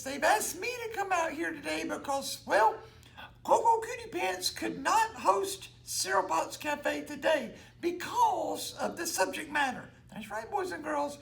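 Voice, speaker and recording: A goofy, laid-back cartoon slacker, as a performer puts him on, hosting a children's puppet show in a very high, lively, bouncing voice. He rambles and frets, and his tone is bright and edged with a gravelly crackle. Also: unhurried, exaggerated voice. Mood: friendly. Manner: rambling, drawling, easily flustered. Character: goofy laid-back young man cartoon character, Shaggy.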